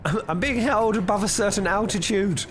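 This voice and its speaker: A young man streaming a game, chatting casually, teasing himself and laughing often. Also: sits high. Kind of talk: live let's-play commentary. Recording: game music underneath.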